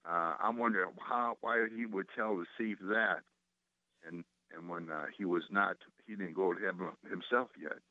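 Deep-voiced caller on a tinny phone line. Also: male voice, fairly even intonation, normal speed, no echo. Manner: hesitant, many fillers and restarts. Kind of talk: phone-in question.

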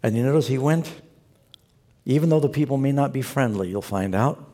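Male pastor, sermon, mellow husky voice, long hall reverb. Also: mid-range voice, animated, a little fast. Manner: earnest storytelling preacher, exhorting the congregation.

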